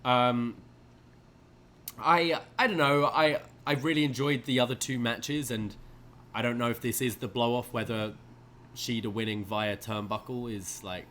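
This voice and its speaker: A man's voice: medium pitch, fairly even intonation, measured pace, a bit bright. A man co-hosting a podcast in casual chat, hesitant, often stammering and restarting before he laughs. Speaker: podcast co-host.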